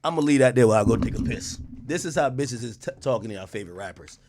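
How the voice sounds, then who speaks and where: Animated young man streaming to chat. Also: mid-range voice, fast talker, background noise. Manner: animated, loud outbursts, reads texts aloud with reactions. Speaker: streamer reading messages to chat. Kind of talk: casual live-stream commentary.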